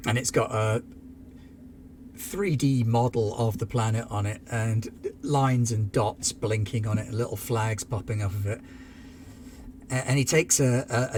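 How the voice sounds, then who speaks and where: A man's voice: medium pitch, slight background noise. Man narrating as game master.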